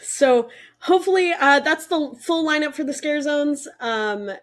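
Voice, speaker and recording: A woman's voice: high voice, a little slow. Chatty young woman podcast co-host. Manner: excited, chatty, many fillers. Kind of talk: casual chat.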